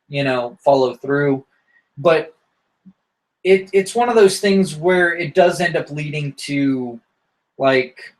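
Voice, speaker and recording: A man's voice: on the high side, low-quality recording. A man hosting a casual comics podcast, talking in an enthusiastic, rambling way. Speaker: podcast host reviewing comics.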